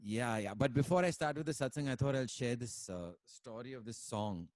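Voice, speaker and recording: A man chats over a video call, wandering through his stories with lots of fillers and the odd Hindi word. His voice sits at an everyday middle pitch, and the sound is dry and close with no room around it. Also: normal speed, darkish tone, dry recording. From India. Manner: rambling, many fillers, mixes in Hindi words. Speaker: musician guest. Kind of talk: casual conversation and storytelling.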